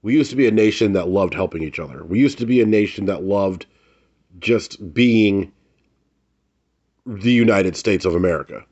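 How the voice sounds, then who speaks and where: A man's voice: fairly low pitch, moderate pace, a little mellow, dull audio. A man ranting to camera in a vlog, angry and blunt, swearing and repeating phrases for emphasis. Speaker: vlogger. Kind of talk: heated ranting commentary to camera.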